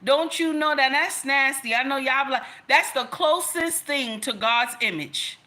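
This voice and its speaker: A woman's voice: high voice, unhurried, pushed and bright. A woman speaking straight to her audience in an impassioned rant, scolding and repeating herself for emphasis. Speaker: commentator. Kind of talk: impassioned direct-to-camera rant.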